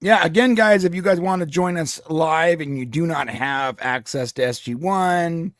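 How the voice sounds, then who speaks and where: A man's voice: a little high, normal speed, dry recording, clean studio sound. A man hosting a live watch-along stream, chatting casually and laughing often. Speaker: stream host.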